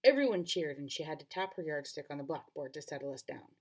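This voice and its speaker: A woman teacher reads a novel aloud to her students in a low, fast voice. She's expressive and frequently corrects herself partway through sentences.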